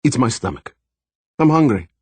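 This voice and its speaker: A man's voice: medium pitch, sing-song, moderate pace, darkish tone, breathy edge, no echo. A man voicing a jovial, heavyset German male scientist with a German accent and a joking, playful manner.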